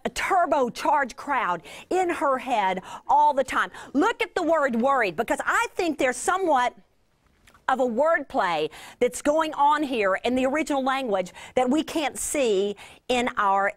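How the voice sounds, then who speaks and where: In a high voice, a woman preaches a sermon, giving Bible teaching to a mostly female audience. She is earnest, draws out words for emphasis, and drops in playful asides.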